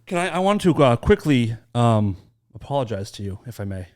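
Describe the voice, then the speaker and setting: Man, podcast co-host, animated, playful, teasing, emphatic. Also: mid-range voice, a little fast. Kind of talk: casual chat.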